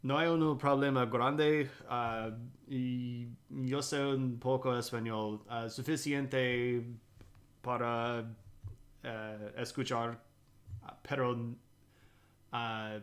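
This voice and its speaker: A man from the southeastern United States with a light Southern accent, giving a live-streamed history talk and chatting with viewers, with many pauses and fillers. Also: medium pitch, steady tone. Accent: light Southern American.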